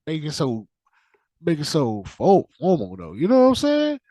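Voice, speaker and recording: A man's voice: a little high, normal speed, dry recording. A man ranting casually as a podcast host, profane and repetitive, restarting often and trailing off into fillers. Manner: animated, profane, repeats himself, trails off with fillers. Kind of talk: casual rant.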